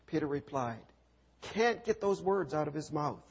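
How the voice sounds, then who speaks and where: A man preaching a sermon in a slightly high, gravelly voice with a husky edge. He retells the story dramatically, leaning on rhetorical questions and repeated refrains. The recording sounds dull and lo-fi. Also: animated, normal speed, darkish tone.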